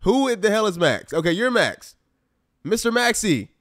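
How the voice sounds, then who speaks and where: There's clean studio sound and no echo as a high-pitched man speaks at normal speed. He's a gaming YouTuber doing a casual let's-play of a life-simulation game, exasperated and animated, speaking directly to viewers he addresses as "y'all."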